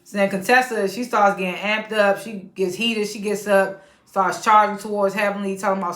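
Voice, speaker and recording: A chatty woman recaps a reality TV episode in a loose, casual way and laughs often as she retells it. Her voice sits at a middle pitch. The room around her adds a noticeable echo. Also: fairly even intonation, moderate pace, a bit bright. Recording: roomy echo.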